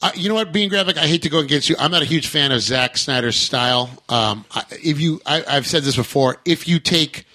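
Bright-voiced chatty man. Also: a little high. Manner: chatty, quick asides, many restarts. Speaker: podcast co-host. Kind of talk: casual chat.

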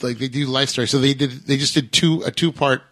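A podcast host in loose, friendly conversation, a man with a bright, clear tone. He talks in an animated way, often restarting his sentences as he goes. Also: mid-range voice. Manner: chatty, animated, halting restarts. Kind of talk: casual chat.

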